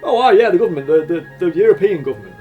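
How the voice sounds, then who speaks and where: A man's voice: high-pitched, very animated, rapid-fire, narrow, tinny audio, soft background music. A man playing a shifty, bragging cake boss. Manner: bragging, stumbling over his words. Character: shifty boastful male cake factory owner.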